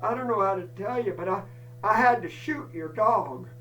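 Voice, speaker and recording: A storyteller voicing Leon, a sly old farmer who speaks low and hesitantly, stumbling over his words. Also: normal speed, fairly bright tone, far from the mic, close to an everyday voice, poor audio.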